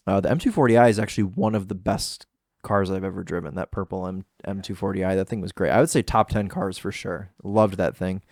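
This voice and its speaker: A man's voice: deep voice, fairly quick, darkish tone, no echo, studio quality. A man co-hosting a car podcast in casual chat, rambling and enthusiastic with lots of fillers. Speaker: podcast co-host.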